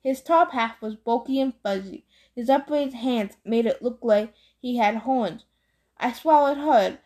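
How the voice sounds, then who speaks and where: A woman reading a novel aloud in a plain, steady storytelling manner. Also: fairly high pitch, a little slow. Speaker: audiobook reader.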